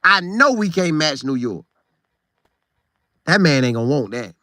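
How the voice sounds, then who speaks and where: A man's voice: a little high, very animated, measured pace, bright, forceful tone, no echo, clean studio sound. A middle-aged man, hosting a casual live stream, reading viewer comments in a loose, talkative way and repeating phrases for emphasis. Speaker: show host reading live chat. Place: Florida.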